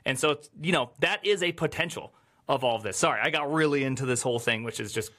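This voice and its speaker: A man co-hosting a casual panel chat, telling a long, excitable, rambling story. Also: mid-range voice, fast talker. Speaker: podcast co-host.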